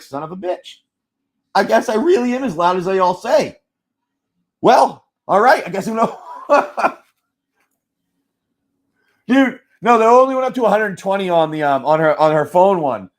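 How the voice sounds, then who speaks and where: A man hosting a live card-pack stream, chatting casually, telling a story with quoted lines, swearing freely and talking loudly. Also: high voice, lively intonation, brisk. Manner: loud, swears freely, tells stories with quoted dialogue. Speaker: live card-break seller. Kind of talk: casual chat while opening card packs.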